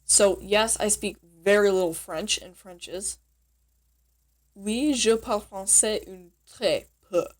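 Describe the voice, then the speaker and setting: A woman's voice: mid-range voice, slow. A young woman chatting casually in a vlog, teaching basic French phrases in a giggly, rambling, self-deprecating way.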